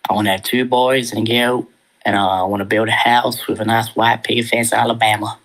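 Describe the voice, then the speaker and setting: A man's voice: lowish voice, level tone, brisk, fairly bright tone, low-quality recording. A man putting on an American Southern accent in a voice message, speaking earnestly about wanting a Southern family life. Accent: put-on American Southern. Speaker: viewer sending a voice recording.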